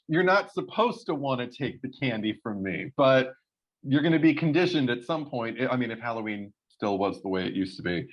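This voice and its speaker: A man co-hosting a casual podcast chat, telling stories in an animated way and swearing freely. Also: normal speed. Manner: animated storytelling, jumps high for quoted voices. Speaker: podcast co-host. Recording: slightly dull lo-fi sound.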